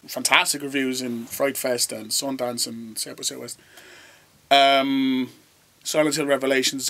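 A man's voice: medium pitch, sharp tone. Dry-witted man reviewing films. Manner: dry, bantering, run-on plot summaries. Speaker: film review show host. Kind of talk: casual film review chat. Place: indoors at a cinema venue.

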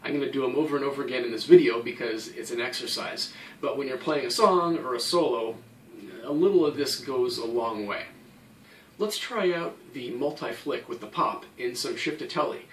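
A man's voice: mid-range voice, moderate pace, slight background noise. A man teaching a hand-drum technique, explaining each step patiently and counting the beats aloud. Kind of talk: instructional explanation. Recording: echoey room, somewhat far from mic. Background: drum playing.

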